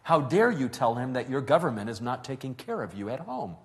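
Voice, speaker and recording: A man doing a stern Nazi official shouting. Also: medium pitch, big pitch swings, brisk. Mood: indignant. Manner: interrogating, raising voice.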